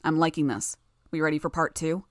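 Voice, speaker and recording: Audiobook: a woman as a gruff young man leading a gang, curt, low-pitched, close dry mic. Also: steady tone, a little fast, no room sound, natural voice. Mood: impatient. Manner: curt, impatient. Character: gruff young male gang leader, blunt.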